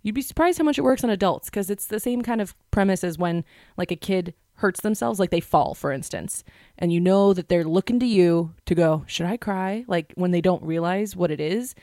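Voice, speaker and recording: A woman co-hosting a casual podcast chat, agreeable and chatty with animated asides. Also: fairly low pitch, brisk, dry recording, studio quality.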